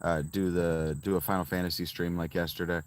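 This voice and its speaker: A man in his fifties rambles casually to his livestream viewers, reading out their names as he goes. His voice sits a little low, and he talks from a phone outdoors with crickets chirping behind him. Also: little pitch movement, fairly quick, smooth. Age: 50s. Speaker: livestream host. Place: outdoors by a fountain.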